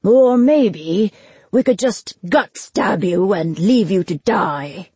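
Cruel general Karn, read by a husky woman. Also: mid-range voice, animated, takes it slowly, mellow, no echo, exaggerated voice. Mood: menacing. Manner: menacing, taunting. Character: brutal middle-aged male general, cruel and mocking.

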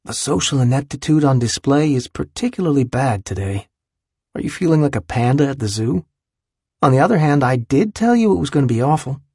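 A man's voice: mid-range voice, expressive, a little fast, a little mellow, slightly rough, no room sound, clean studio sound. A man voicing a reserved adult male lawyer with a wry, apologetic way of talking, in an audiobook.

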